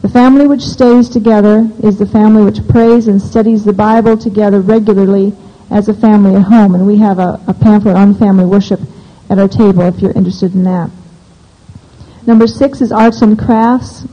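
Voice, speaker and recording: A woman's voice: medium pitch, fairly even intonation, fairly quick, warm tone. A woman speaking to a live audience at a homeschooling seminar, opinionated and practical, often asking the listeners questions. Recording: dull lo-fi recording.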